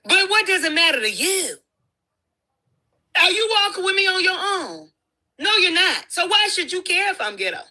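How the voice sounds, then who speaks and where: A woman's voice: very high voice, sing-song, moderate pace, pauses often, bright, forceful tone. A woman talking as a guest in a livestream chat, brash and sassy, trading insults. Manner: sassy, brash trash talk.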